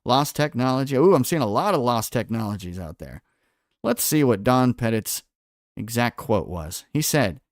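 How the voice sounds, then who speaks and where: A man's voice: mid-range voice, lively intonation, normal speed, dry recording, clean studio sound. A man hosting a quiz-style livestream, putting questions to his viewers and reading out their answers from the chat. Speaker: livestream host.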